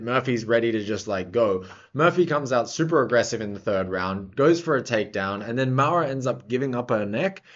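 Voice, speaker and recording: A man recapping fights in a casual, blunt and profane way, rambling with lots of fillers. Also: mid-range voice. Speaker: MMA fight recap host. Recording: slightly dull lo-fi audio.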